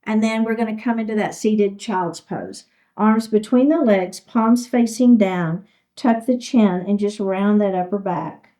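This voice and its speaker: A woman's voice: medium pitch, unhurried, mellow, low-quality recording. A woman teaching a chair yoga class, giving encouraging step-by-step cues for each move. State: a little out of breath. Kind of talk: guided fitness class instruction.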